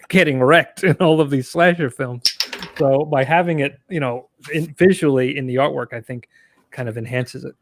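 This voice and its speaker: A man's voice: medium pitch, dry recording. Easygoing chuckling man guest. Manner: easygoing, chuckling, filler-heavy. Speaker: guest writer. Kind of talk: casual interview chat.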